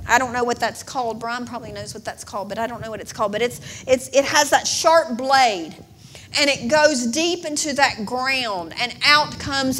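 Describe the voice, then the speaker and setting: A middle-aged woman preaching a sermon, emotional and building to emphatic, drawn-out declarations. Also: sits high, fairly bright tone, a little hiss or hum.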